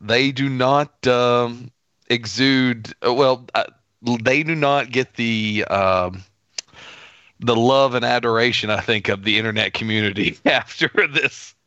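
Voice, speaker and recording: A man co-hosting a podcast, speaking in a measured way and pausing with ums to find words. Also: medium pitch, bright, forceful tone, clear, resonant tone, dry recording, dull audio. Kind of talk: casual chat.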